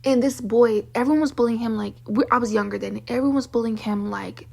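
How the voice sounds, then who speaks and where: Young woman, raspy voice, somewhat high, angry cussing rant to camera. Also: fast talker, darkish tone. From Baltimore, Maryland. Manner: heated, profane, venting. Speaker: vlogger. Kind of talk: ranting monologue to camera.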